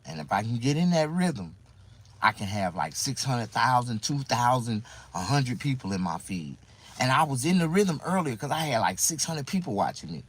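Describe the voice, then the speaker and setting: A man's voice: mid-range voice, big pitch swings, moderate pace, husky, low-quality recording. A man talking casually to viewers on a livestream, rambling and repeating himself in mock confusion.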